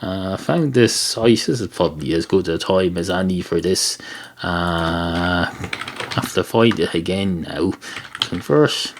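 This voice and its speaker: A man's voice: sits low, measured pace. An Irish man hosting a solo comedy podcast, rambling and sardonic, with many "uh" fillers and mock-outraged asides. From Ireland. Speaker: podcast host.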